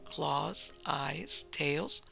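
A man's voice: fairly high pitch, very slow, gravelly, pushed and bright, slightly rough, faint music behind, exaggerated voice, poor audio. A man voicing a lovesick male zombie gangster who talks earnestly in formal phrases without contractions. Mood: proud.

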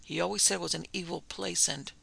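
Old gamekeeper, seventies, deferential; male narrator doing it, fry-heavy, slightly raised pitch. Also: steady tone, quick pace, bright, forceful tone, heavily acted. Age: 70s. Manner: homely, deferential. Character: old Scottish male gamekeeper, plain and respectful. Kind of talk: audiobook character voice.

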